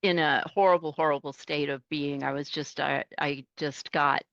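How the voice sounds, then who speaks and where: Middle-aged woman trucker telling stories in an interview, animated, lowish voice, muffled dry audio. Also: moderate pace, vocal fry, no echo. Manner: animated, acts out quoted voices. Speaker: truck driver guest. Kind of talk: casual interview storytelling.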